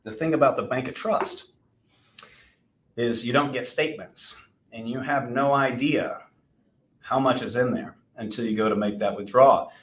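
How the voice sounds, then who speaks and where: A man's voice: mid-range voice, moderate pace, pauses often, fairly bright tone. A man in his forties, co-hosting a podcast and telling a rambling, self-deprecating story with many restarts. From Texas. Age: 40s. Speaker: podcast co-host, insurance agency owner. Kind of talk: casual chat and storytelling. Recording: roomy echo.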